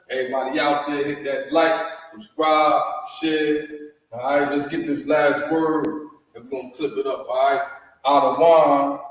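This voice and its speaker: A man teaching a class in a slow, informal way, asking his students for questions, recorded from far off in a large echoey room. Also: mid-range voice.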